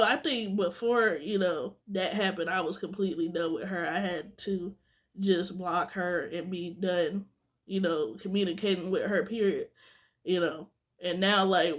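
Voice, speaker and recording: A young woman vlogger speaks straight to the camera with a medium-pitched voice, venting to her viewers in a storytime rant. She comes across as candid and fed up.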